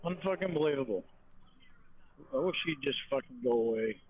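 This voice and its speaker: A man with a mid-pitched voice chats casually at home. He is blunt and exasperated, and he swears freely. The audio is dull and lo-fi. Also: animated, normal speed. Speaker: partner at home.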